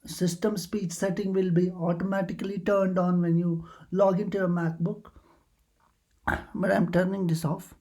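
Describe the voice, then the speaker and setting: Walking casually through computer settings on a screen recording, a tutorial host sounds hesitant, with plenty of "uh" fillers and restarts. The voice is medium in pitch, level, mellow and moderately paced.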